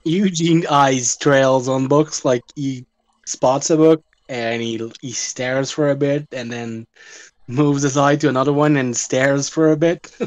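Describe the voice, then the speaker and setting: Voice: mid-range voice, steady tone, slow pace. Non-native English speaker, player role, careful word-searching delivery. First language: not English. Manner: searching for words, describes character actions. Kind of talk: casual tabletop play.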